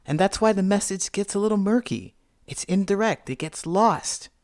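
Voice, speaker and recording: A man's voice: sits high, moderate pace, dry recording, studio quality. A man hosting a podcast, telling a personal story in a monologue and acting out the scenes. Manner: animated, reenacts scenes with voiced quotes. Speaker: podcast host.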